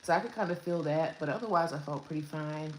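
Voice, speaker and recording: A young woman tells her labor story in a casual vlog, her voice sitting low and relaxed. She rambles, restarts and fills gaps with "like" and "um". The room is echoey with a faint hum of noise behind her. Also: fast talker. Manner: chatty, rambling with many fillers and restarts. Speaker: new mother telling her birth story. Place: room at home with her baby.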